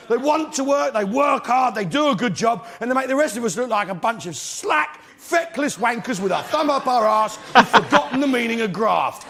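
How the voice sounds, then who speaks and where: A blustering middle-aged English comedian rants on stage in a high, swooping voice that leaps all over the place. He swears freely and talks straight to the crowd. The live recording is noisy. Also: expressive, normal speed, hardly any pauses. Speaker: stand-up comedian. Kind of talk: stand-up comedy performance. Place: theatre stage before a live audience.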